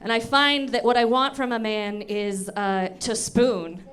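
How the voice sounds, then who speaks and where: A woman's voice: on the high side, fairly even intonation, unhurried, fairly bright tone, clear, resonant tone. A woman in her thirties doing a stand-up comedy set in a comedy club, telling self-mocking stories playfully into a handheld mic. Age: 30s.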